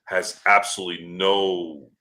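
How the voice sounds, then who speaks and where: A man co-hosting a casual sports podcast, telling animated stories, swearing freely and acting out the people he quotes. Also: sits low, unhurried. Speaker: podcast co-host.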